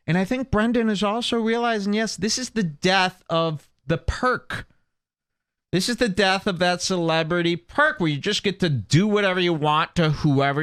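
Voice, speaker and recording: Man, bright voice, lively pitch, mocking comedic riffs. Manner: animated, mocking, riffing. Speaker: podcast host. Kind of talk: comedic podcast commentary.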